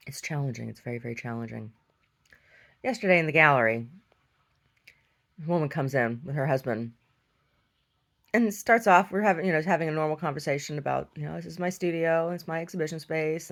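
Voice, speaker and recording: A woman artist who owns a gallery, telling a story casually in an animated, sardonic way and acting out the people in it. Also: low voice.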